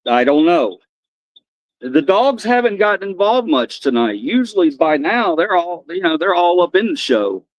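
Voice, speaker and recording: A man's voice: high-pitched, very animated, moderate pace, no echo, dull audio. A man chatting casually on a live stream, rambling and often repeating and restarting his phrases.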